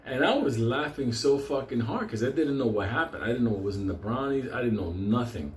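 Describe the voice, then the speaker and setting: A man's voice: mid-range voice, brisk, slight background noise. A man tells a comic story full of swearing and bursts of laughter. His voice sits in a middle register. The room has a noticeable echo, with faint ambience behind him. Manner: animated, laughing, heavy swearing. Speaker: show host telling a story.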